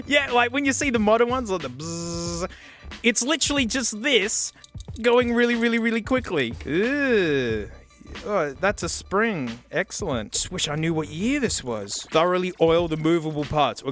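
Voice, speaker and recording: Lively, bright-voiced Australian man. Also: high-pitched. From South Australia. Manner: excitable, joking, peppered with "mate". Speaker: vlogger. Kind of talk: comedic thrift-store vlog narration.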